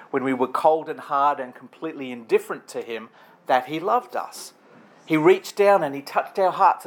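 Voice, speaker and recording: A man's voice: fairly high pitch, slight background noise. A man preaching a sermon in a conversational, storytelling way, building emphatic lists.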